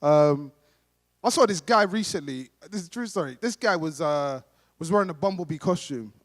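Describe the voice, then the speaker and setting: A man's voice: fairly high pitch, animated, normal speed. A man performing stand-up comedy at a charity dinner, telling playful stories and laughing along. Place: large dinner hall. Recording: long hall reverb.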